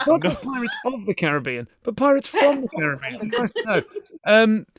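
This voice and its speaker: A middle-aged British man with a very high-pitched voice hosts a live-streamed comedy podcast. He's chatty and giggly, and swears a lot while greeting viewers.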